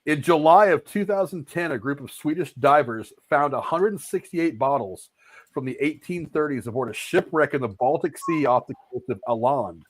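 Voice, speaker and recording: Swearing podcast host reading movie trivia. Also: male voice, fairly high pitch, normal speed, no echo, rough recording. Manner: swears freely, reads out trivia. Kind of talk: casual profane movie review chat.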